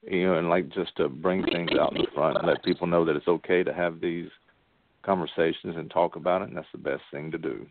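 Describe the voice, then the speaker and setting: A man with a Louisiana accent calls in, hesitant and halting. His voice is very deep and gravelly. The line is dry, tinny and phone-like. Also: fairly even intonation, noisy background. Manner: hesitant, halting, many fillers. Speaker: caller.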